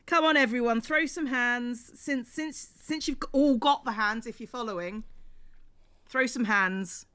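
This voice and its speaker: English woman, near-RP accent, bright tone, laughs a lot, chatty streamer. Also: fairly high pitch, clear, resonant tone. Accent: near received pronunciation English. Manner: giggly, quick to laugh; chatty, thanks viewers. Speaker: streamer and co-host. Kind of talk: casual livestream chat.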